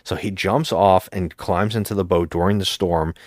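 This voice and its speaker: A man's voice: low-pitched, steady tone, normal speed, dry recording, studio quality. A man co-hosting a movie podcast, retelling a film's plot in casual chat and acting out the characters' lines. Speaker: podcast co-host.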